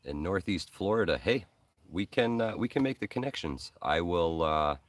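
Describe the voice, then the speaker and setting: A man with a very low, deep voice hosts a casual live stream, rambling along with plenty of ums and uhs. He talks like he's chatting with friends, answering viewer comments as they come in. He sits a little back from the microphone. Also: animated, moderate pace, no echo, recorded from a distance. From Hudson Valley, New York. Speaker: host of a preparedness live stream.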